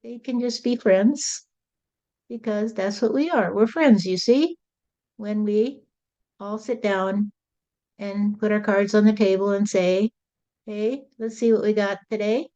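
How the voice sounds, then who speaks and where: A woman's voice: medium pitch, measured pace, dark tone, lightly acted. A woman channeling Jesus as a frank, folksy male spirit who rambles and keeps saying "you see," in a dull lo-fi recording. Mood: earnest.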